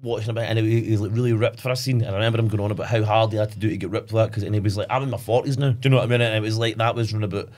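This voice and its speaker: Fast-talking Scottish man, rambling. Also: lowish voice. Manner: rambling, animated, frequent "do you know what I mean". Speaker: podcast co-host. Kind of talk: casual chat.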